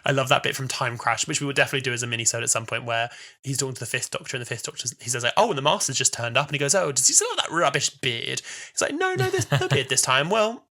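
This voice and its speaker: A man's voice: medium pitch, expressive, rapid-fire, sharp tone. A man in his twenties co-hosting a casual podcast chat, enthusiastic and rambling, often restarting his sentences. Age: 20s. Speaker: podcast co-host.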